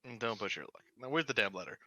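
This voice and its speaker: A man voicing a gruff, irritable male brewmaster who talks in an exasperated, blustering way. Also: fairly low pitch, expressive, fast talker, pushed and bright, dry recording, dull audio. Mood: irritated.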